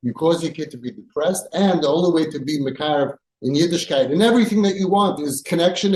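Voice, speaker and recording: A man's voice: fairly high pitch, fast, few pauses, darkish tone. A man giving parents advice in an emphatic way, firing off rhetorical questions and repeating his points. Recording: echoey room.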